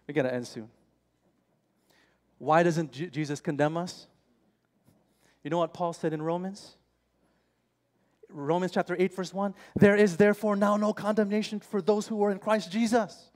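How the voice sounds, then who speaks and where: High-voiced impassioned male preacher. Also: moderate pace, pauses often, a little mellow. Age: 40s. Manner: impassioned, emphatic, addresses listeners as friends. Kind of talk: sermon. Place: church sanctuary. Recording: church hall reverb, faint music.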